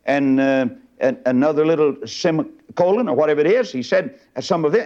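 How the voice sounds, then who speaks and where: A man's voice: big pitch swings, moderate pace. Preacher man, fiery sermon, voice jumps all over, kinda muffled old tape sound. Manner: fiery, swinging from loud highs to low asides. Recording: dull lo-fi recording.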